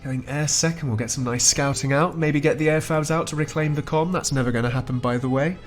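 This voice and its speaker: A man's voice: on the high side, a little fast, soft background music. A man giving chatty, wry play-by-play commentary on a strategy game match as the host, chuckling often. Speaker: esports caster.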